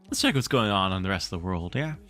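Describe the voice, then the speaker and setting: Animated male streamer reading aloud. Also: low voice, fast talker, faint music behind. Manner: animated, playful. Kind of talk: read-aloud narration and casual stream chat.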